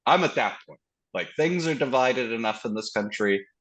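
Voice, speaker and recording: A man from Canada in casual comedic chat on a podcast, swearing a lot and mocking people with quick put-on voices. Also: mid-range voice, lively intonation, a bit bright. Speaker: podcast guest.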